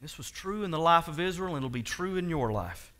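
Man preaching, pastor, fairly high voice, bright and forceful, swings from soft to loud. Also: animated, brisk. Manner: talks directly to the congregation. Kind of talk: sermon.

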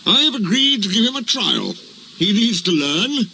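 A man's voice: high voice, very animated, normal speed, gravelly, bright, forceful tone, slight background noise, pitched above the performer's own voice, heavily acted. A man voicing a stout male railway boss who speaks in a formal, authoritative manner.

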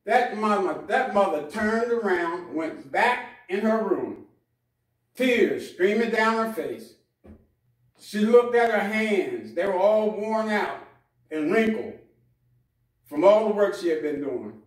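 A high-voiced male preacher tells a sermon story, repeating phrases in a steady rhythm. The sound is roomy and heard from some distance from the mic. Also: slow. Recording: echoey room, far from mic.

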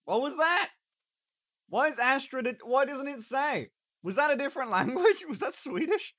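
A man's voice: very high-pitched, lively intonation, moderate pace, sharp tone, no echo, studio quality. A man streaming live in casual chat, joking, swearing and eating on camera. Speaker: livestreamer.

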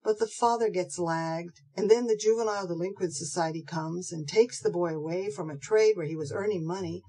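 A woman voicing a gruff, surly male housebreaker who talks bluntly in rough slang, in a storybook reading. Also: lowish voice, brisk, dark tone, low-quality recording.

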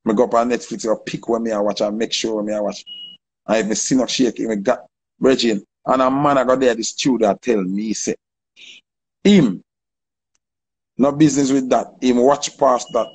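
A Jamaican man telling a story in casual, animated patois, acting out the people he quotes. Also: medium pitch, normal speed, low-quality recording. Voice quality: gravelly, husky.

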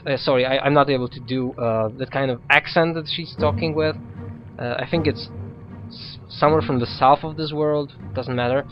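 A man's voice: medium pitch, steady tone, normal speed, lo-fi sound, over music. A man who is not a native English speaker, hosting a casual let's play and hesitantly talking through the game while reading its text aloud. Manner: hesitant, many fillers and restarts, reads on-screen text aloud. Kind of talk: casual gameplay commentary.

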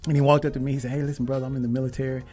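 A man hosting a radio talk show, telling a story with lively, emphatic quoted dialogue. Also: mid-range voice, very fast, soft background music. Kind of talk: casual storytelling and interview.

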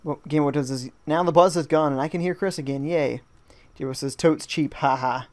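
Chatty man streaming a game, slightly high voice. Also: a little fast, darkish tone. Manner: chatty, joking, reads viewer chat aloud. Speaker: gaming streamer. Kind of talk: live gameplay commentary. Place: at home during a rainstorm.

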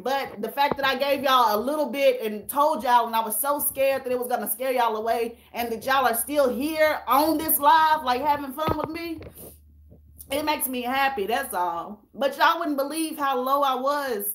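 A woman's voice: sits high, a little slow, a bit bright, a little hiss or hum. A woman hosting a casual livestream, tearful and candid as she talks straight to her viewers and reads their comments. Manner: candid and emotional, addressing viewers as y'all.

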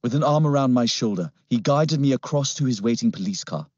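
A man narrating an adventure audiobook in first person with a steady storytelling manner. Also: mid-range voice, fairly quick, dry recording. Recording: dull lo-fi, dry recording.

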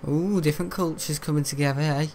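A man's voice: on the high side, fairly even intonation, fast talker, a little mellow, a little hiss or hum. A young man, rambling and joking casually while playing a video game. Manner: rambling, chatty and jokey, laughs at own jokes. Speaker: gaming channel host. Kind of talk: casual let's-play commentary.

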